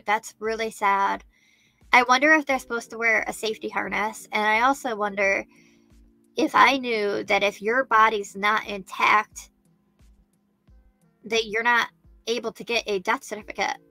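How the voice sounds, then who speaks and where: A woman hosting a true crime livestream, reading a news story aloud, thinking out loud and chatting with her viewers by name. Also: a little high, creaky, no echo. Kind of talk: live-stream chat, reading news aloud.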